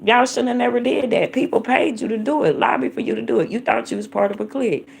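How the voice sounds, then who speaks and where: A woman's voice: fairly high pitch, fast talker, vocal fry, breathy edge. A woman hosting a livestream, delivering an impassioned, preachy monologue that calls listeners baby and honey and rises to emphatic declarations. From United States. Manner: emphatic, rising to angry declarations. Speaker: livestream host.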